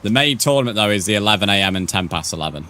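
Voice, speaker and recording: A man's voice: fairly low pitch, animated, rapid-fire, bright, forceful tone, clean tone, soft background music. A young man streaming a game live, chatting casually with viewers and swearing freely. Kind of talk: live gaming commentary, reading chat.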